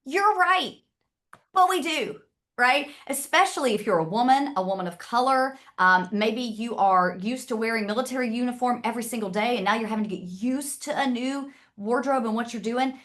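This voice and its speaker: A woman's voice: fairly high pitch, normal speed, a bit bright. A woman from the American South with a Southern accent, presenting to an audience in a chatty, direct way. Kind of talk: casual talk to an audience.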